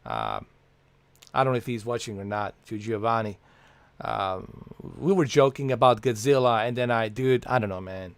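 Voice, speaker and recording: A man's voice: lowish voice, very animated, normal speed, vocal fry, smooth, no room sound. A man hosting a casual livestream from home, rambling and swearing with lots of fillers. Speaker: livestream host.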